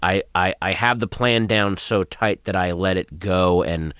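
A man, a comedian, answering interview questions in a radio studio, thoughtful and given to trailing off into soft asides. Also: low-pitched, a little slow, clean tone, dry recording. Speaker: comedian guest.

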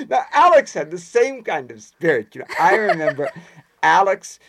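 A man in an interview plays the lively raconteur, telling lengthy stories and imitating the people in them. He has a high-pitched, husky voice with vocal fry and a moderate pace.

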